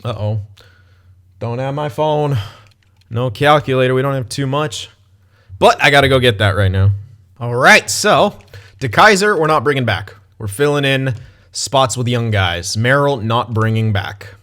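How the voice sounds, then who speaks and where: A young man running a gaming channel talks casually over his gameplay, thinking out loud, swearing and letting out sudden bursts of excitement. His voice is medium-pitched and his pace a little slow.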